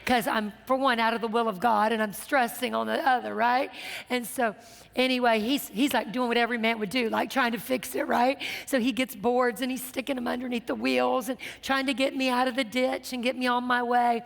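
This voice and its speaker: A middle-aged woman minister and show host, telling a story from her life in a lively, laughing, self-mocking way. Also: a little high, brisk, gravelly, big-room sound. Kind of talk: storytelling testimony in casual chat.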